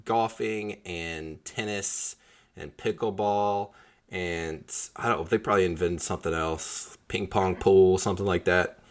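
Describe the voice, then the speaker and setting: A man's voice: deep voice, unhurried. A man hosting a podcast interview, talking casually with jokes and lots of fillers. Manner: rambling, joking, many fillers. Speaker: podcast host.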